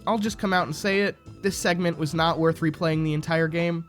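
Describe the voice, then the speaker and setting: A man with a slightly high voice delivers scripted commentary, critical and sarcastic in tone. Faint music plays quietly underneath him. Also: steady tone, fairly quick. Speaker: video essayist.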